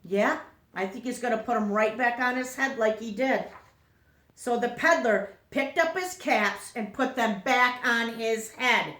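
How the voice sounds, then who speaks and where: Teacher lady reading a kids book real slow, asks the class stuff, kinda high voice. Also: fairly bright tone, reverberant. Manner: slow, questioning storytime delivery. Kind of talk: reading a picture book aloud to children.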